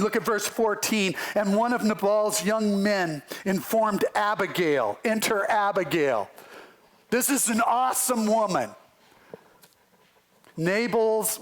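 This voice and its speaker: Animated high-voiced male pastor. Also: slow pace. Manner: animated storytelling with acted-out voices. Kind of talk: sermon. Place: church livestream.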